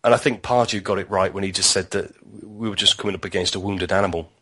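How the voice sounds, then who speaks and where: A man on a football podcast panel, talking in halting bursts with frequent restarts. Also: deep voice, steady tone, fairly bright tone, breathy edge. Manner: halting, restarts words often. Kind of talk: casual football podcast chat.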